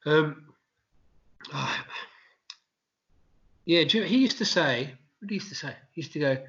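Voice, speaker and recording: An Australian man, a street performer, telling rambling, animated anecdotes in a casual interview. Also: a little high, measured pace, pauses often, highs cut off.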